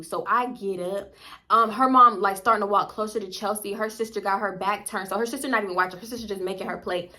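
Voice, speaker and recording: A woman's voice: medium pitch, steady tone, quick pace, bright, forceful tone, slight background noise. A young woman telling a story to her viewers in a casual, chatty, slangy way. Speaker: vlogger.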